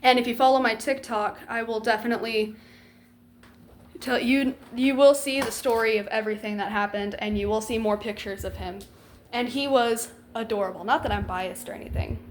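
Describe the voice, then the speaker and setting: A woman's voice: fairly high pitch, moderate pace, a little hiss or hum. A young adult woman vlogger telling a personal story in a candid, emotional way, swearing freely and using slang and lots of likes.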